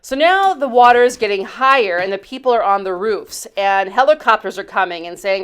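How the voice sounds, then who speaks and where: A woman's voice: medium pitch, lively intonation, a little fast, hardly any pauses, clean tone. A woman in her fifties hosting a DIY channel, telling stories in a rambling, chatty voice-over full of asides. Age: 50s. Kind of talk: casual storytelling voice-over.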